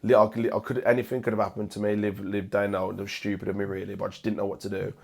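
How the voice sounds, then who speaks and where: English guy in his 30s, lowish gravelly voice, keeps stumbling over words. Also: little pitch movement, rapid-fire, darkish tone. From England. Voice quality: hesitant, repeats words, many fillers. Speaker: podcast guest. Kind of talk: emotional casual conversation.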